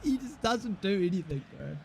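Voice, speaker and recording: A man's voice: sits high, big pitch swings, moderate pace, gravelly, slight background noise. A young man giving casual, blunt, mocking commentary while playing a football game, swearing freely. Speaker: gaming streamer.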